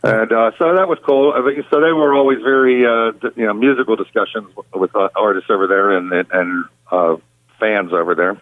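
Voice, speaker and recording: Over a tinny, dry phone line with no room sound, a touring rock guitarist from Pittsburgh, United States, chats through an interview. He rambles in a relaxed way, leaning on lots of fillers, in a fairly low voice at a fairly quick pace.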